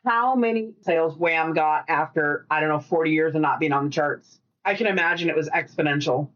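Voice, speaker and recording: A woman co-hosting a podcast in casual chat, rambling and swearing freely with quick asides. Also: low-pitched, highs cut off. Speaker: podcast co-host.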